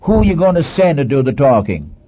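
A man's voice: mid-range voice, big pitch swings, fairly quick, husky, pitched above the performer's own voice. A man voicing a reluctant old male prophet who pleads and protests, full of excuses, on a dull lo-fi recording. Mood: anxious, protesting.

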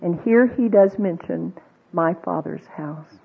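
A woman's voice: fairly low pitch, slow pace, gravelly, breathy edge. A woman giving a conversational Bible teaching to a women's group, asking the audience questions and acting out the voices she quotes. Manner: acts out quoted voices, with fillers and restarts. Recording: tinny, phone-like old recording.

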